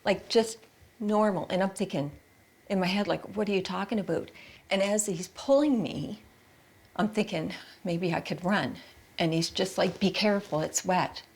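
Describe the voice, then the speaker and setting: Gravelly-voiced woman recounting a trauma. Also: mid-range voice. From Canada. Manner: halting, repeats words, quotes her own thoughts. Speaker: interviewee recounting her experience. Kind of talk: emotional interview testimony.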